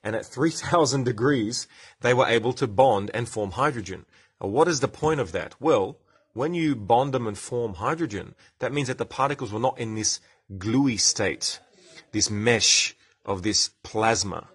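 With a husky, mid-range voice and an unhurried delivery, this Australian podcast host runs a relaxed science show. He explains topics with enthusiasm while talking to commenters live.

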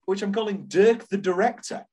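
A man's voice: high voice, moderate pace, darkish tone, slightly rough. A man, co-hosting a podcast and working through his notes on a film, quoting its lines as he goes. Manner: reads scene notes aloud, quoting lines. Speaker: podcast co-host. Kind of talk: casual film discussion.

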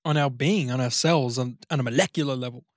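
A man with an Australian accent co-hosting a podcast, rambling in casual, relaxed chat with the odd swear word. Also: mid-range voice, fast, no echo, clean studio sound. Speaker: podcast co-host.

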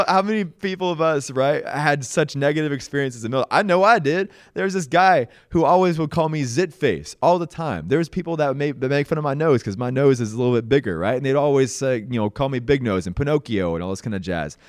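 A man's voice: medium pitch, no room sound. Young guy rambling thru a pep talk on his podcast, folksy, keeps saying man, dry close sound. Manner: folksy, rambling, says y'all and man often. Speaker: podcast host. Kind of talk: casual motivational monologue.

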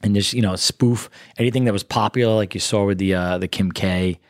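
A man with a very low voice tells rambling, animated stories and acts out what people said. The sound is dry and close to the mic, with no room around it. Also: a little fast, no room sound. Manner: rambling, animated anecdotes with acted quotes. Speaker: guest, live show producer. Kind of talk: casual storytelling.

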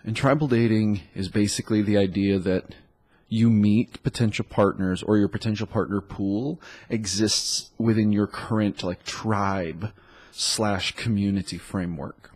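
A man's voice: on the low side, fairly even intonation, measured pace, a little mellow. A man who has a cold, talking as a dating coach in a loose, rambling solo monologue full of likes and ums. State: stuffed up with a cold.

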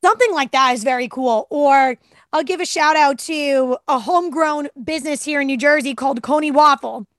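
A woman's voice: high voice, moderate pace, a bit bright, no echo, studio quality. A woman co-hosting a podcast in casual, enthusiastic chat, often tripping over her words. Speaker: podcast co-host.

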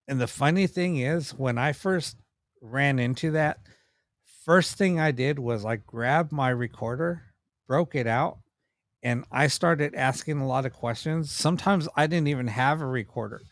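A man's voice: medium pitch, dry recording, studio quality. A man, a paranormal investigator and cameraman, telling stories in a casual, rambling way with many restarts. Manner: animated, rambling, with frequent restarts. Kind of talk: casual storytelling in a podcast interview.

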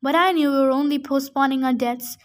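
High-voiced woman reading a story aloud. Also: steady tone. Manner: eager, slightly halting with restarts. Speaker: podcast host reading a novel aloud.

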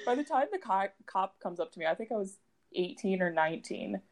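A young woman from the United States co-hosting a podcast in casual chat, telling stories with a lively, animated delivery. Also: brisk. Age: young adult. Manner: animated storyteller, lively swings in pitch. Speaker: podcast co-host.

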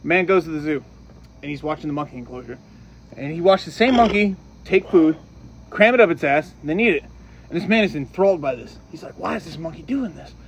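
Fast-talking high-voiced rowdy man. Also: animated, a little hiss or hum. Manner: loud, rowdy, laughs at own jokes. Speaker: podcast co-host. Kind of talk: crude joke-telling banter. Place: outdoors near a street.

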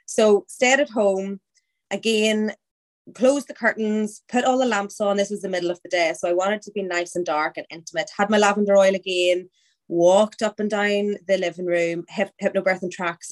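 A woman, a podcast guest candidly telling her story in casual, chatty conversation. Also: medium pitch. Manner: candid, chatty, quotes her own thoughts aloud.

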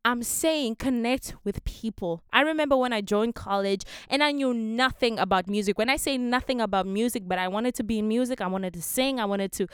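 A woman's voice: a little high, brisk, few pauses, clear, resonant tone, dry recording, studio quality. A young woman from Africa hosting a casual motivational podcast, earnest and emphatic, repeating her key phrases. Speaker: podcast host.

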